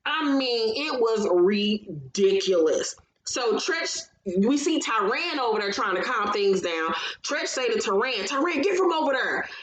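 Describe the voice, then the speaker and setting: A woman recapping a reality TV episode in casual chat, telling it with animated, profane storytelling and acting out what people said. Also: medium pitch, takes it slowly, few pauses. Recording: roomy echo, faint background noise.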